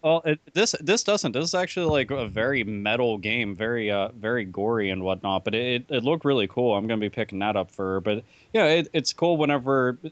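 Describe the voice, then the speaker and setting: A man's voice: medium pitch, lively intonation, a little fast, hardly any pauses, dry recording, dull audio. A man chatting casually on a podcast, rambling and profane, with lots of fillers and restarts. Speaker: podcast panelist. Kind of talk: casual chat.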